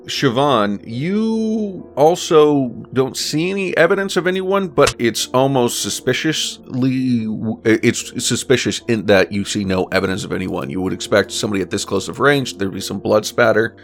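A man's voice: mid-range voice, expressive, moderate pace, few pauses, soft background music. A man running a tabletop game as game master, narrating scenes and calling for rolls in an easygoing way with frequent ums.

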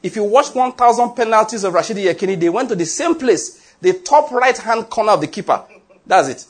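A pastor with a high voice preaches at a fairly quick pace. He brings his sermon alive with stories and asks the congregation rhetorical questions.

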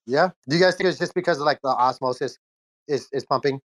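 Hosting a live audio space while feeling under the weather with a cold, this thirtysomething man meanders through a story, restarting and laughing along the way. He speaks fast at a medium pitch, his tone fairly bright, on a dry recording.

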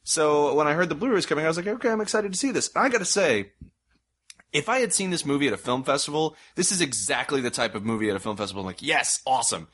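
A man's voice: a little high, lively intonation, fast talker, a bit bright, slightly rough. Enthusiastic man hosting film reviews. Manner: enthusiastic, steers the show. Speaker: film review podcast host. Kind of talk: casual movie review chat.

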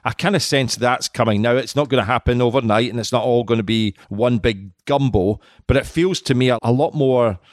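A man's voice: medium pitch, fairly quick, hardly any pauses, no room sound, clean studio sound. A man from Scotland co-hosting a podcast, chatting casually and joking. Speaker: podcast co-host. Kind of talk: casual chat.

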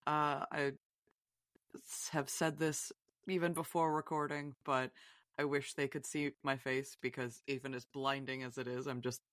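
A woman's voice: very deep voice, flat delivery, unhurried, fairly bright tone, no echo, studio quality. A woman guest on a podcast, chatting casually in a rambling, self-deprecating way and laughing often. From Virginia, US.

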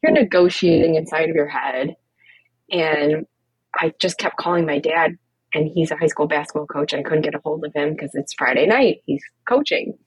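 A woman's voice: low voice, moderate pace, husky, dry recording, low-quality recording. A woman guest on a podcast, telling her story with candor, acting out the dialogue and filling it with "like". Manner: animated, acts out quoted dialogue with frequent "like" fillers. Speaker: podcast guest, cancer coach. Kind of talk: candid storytelling conversation.

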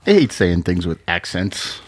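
A man's voice: low voice, very animated, normal speed, slightly rough. An American man co-hosting a podcast, chatting casually and poking fun at himself. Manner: self-mocking, chatty. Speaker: podcast co-host. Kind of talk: casual chat.

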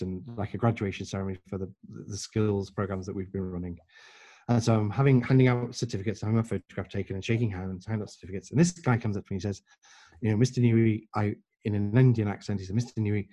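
A man speaks as an interview guest, his voice low and dark. He tells his story earnestly and with animation. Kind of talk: storytelling in conversation.

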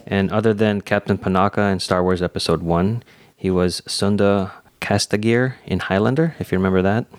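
A man in casual group chat, reading off actors' credits in a steady flow. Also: low voice, normal speed, dry recording. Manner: reads off cast trivia in a steady flow. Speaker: podcast co-host.

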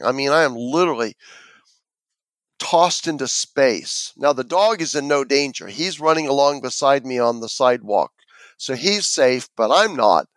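With a medium-pitched voice, a man being interviewed recounts a lengthy personal story. He's an animated storyteller who performs the quoted voices of the people in it, and there's no echo on the recording.

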